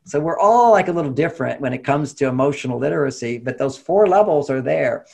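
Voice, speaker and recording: Gravelly, husky man giving advice. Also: on the high side, a little fast. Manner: animated, acts out quoted voices, laughs often. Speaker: relationship author and guest. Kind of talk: conversational interview talk.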